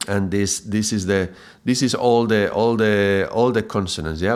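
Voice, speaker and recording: Soft-spoken man. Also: on the low side. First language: Spanish. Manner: halting, often repeats and restarts words, checks in with "yeah?". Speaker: mantra teacher. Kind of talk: explanatory video lesson.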